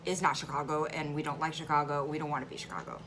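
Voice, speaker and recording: A woman speaks in a central Illinois accent, her voice sitting a touch low. She chats casually and animatedly as a vlogger. A clear hiss of noise runs under the home recording. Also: fast. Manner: chatty, animated, laughs easily. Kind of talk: casual chat.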